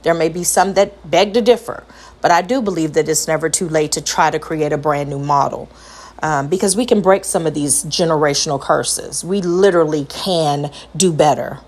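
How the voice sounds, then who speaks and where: A middle-aged woman with a high voice, talking earnestly about parenting and repeating phrases for emphasis. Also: normal speed, darkish tone. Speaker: parent sharing advice. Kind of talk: personal talk to camera.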